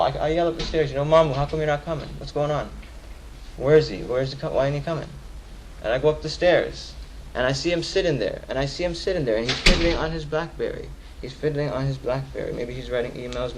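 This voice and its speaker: Fast-talking young man preaching with slang. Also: medium pitch, a little hiss or hum, rough recording. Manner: casual street slang, emphatic repetition. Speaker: khutbah speaker. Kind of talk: Friday sermon.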